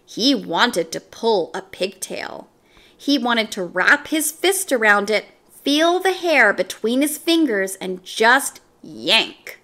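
A woman reading a children's book aloud, slow and expressive. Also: a little high. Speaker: storyteller.

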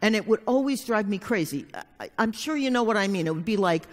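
A quick, animated woman with a medium-pitched voice is a therapist telling a live audience a personal story. She's direct and plainspoken, dropping occasional curses, and the recording carries the long reverb of a conference hall.

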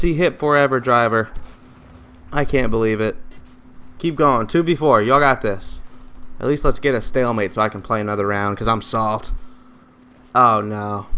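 A young man giving excitable gameplay commentary, trash-talking teammates and swinging between loud outbursts and mutters. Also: mid-range voice, clear, resonant tone. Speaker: gaming YouTuber.

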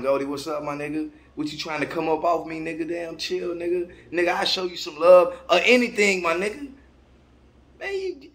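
A man's voice: high voice, fairly bright tone. A man in his forties, a travel vlogger, ranting straight to camera in a confrontational, heavily profane way. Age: 40s. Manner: confrontational, profane, heavy repeated slang. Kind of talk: angry direct-to-camera rant.

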